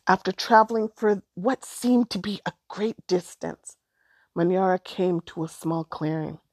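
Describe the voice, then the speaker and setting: A woman narrating a storybook aloud in a measured, expressive way. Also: fairly low pitch, no echo.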